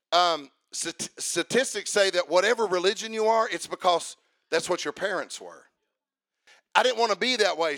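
A man preaching a sermon in a church, calling for amens and rising into shouted, sing-song lines. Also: sits high, gravelly.

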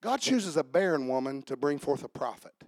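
A man preaching a sermon at a church service, calling out to the congregation and swinging between loud shouts and hushed asides. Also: a little high, expressive, brisk, no room sound, clean studio sound.

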